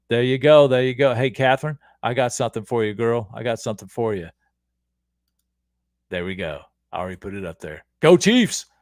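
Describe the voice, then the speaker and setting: A man's voice: mid-range voice, dry recording. A middle-aged man hosting a casual livestream, energetically coaching viewers on leadership and often checking in with "okay?". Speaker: leadership coach and show host.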